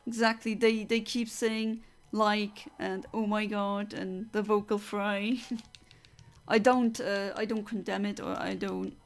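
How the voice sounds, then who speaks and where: A woman's voice: mid-range voice, fairly even intonation, slow, soft background music. A woman from Luxembourg, chatting casually as a streamer and reading out viewer comments, reflective with frequent fillers and restarts.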